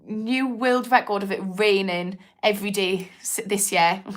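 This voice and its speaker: A young woman from Newcastle, England, with a Geordie accent chats casually on a livestream, rambling, laughing and reading out viewer comments. Her mid-range voice is steady and unhurried.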